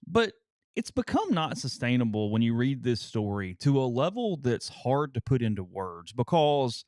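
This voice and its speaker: A man co-hosting a sports podcast who talks in an animated way and slips into mocking voices when he quotes people. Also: mid-range voice, normal speed, no echo, studio quality. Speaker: podcast co-host. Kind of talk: casual sports talk.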